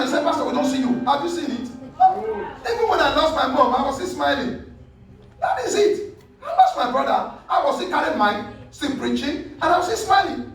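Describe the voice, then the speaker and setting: A male pastor preaching a sermon in an emphatic call-and-response style. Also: extremely high pitch. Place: church hall. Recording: echoey hall, distant mic, faint music.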